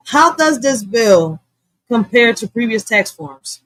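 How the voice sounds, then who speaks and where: A woman's voice: on the high side, sing-song, takes it slowly, no room sound, low-quality recording. Blunt, profane woman livestreaming. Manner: blunt, profane, laughs and reacts loudly to chat. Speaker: livestream host. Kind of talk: casual livestream commentary.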